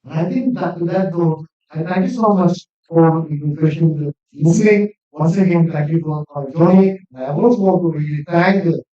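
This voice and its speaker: A man's voice: fairly high pitch, moderate pace, few pauses. A man, an academic lecturer, giving a conference presentation in an earnest manner that builds to emphatic appeals. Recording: distant mic in echoey hall, dull sound.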